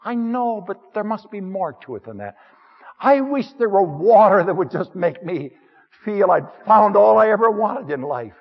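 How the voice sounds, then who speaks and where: A male preacher doing a spirited woman who pleads for something more. He pushes his husky voice well up in pitch. The recording sounds muffled. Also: big pitch swings, moderate pace, in a large hall, heavily acted. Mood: yearning. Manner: yearning, pleading. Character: restless longing woman, spirited.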